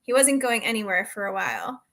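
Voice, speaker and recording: A woman author, a guest on the show, reads aloud from her own novel at a steady pace and corrects herself lightly now and then. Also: medium pitch, brisk.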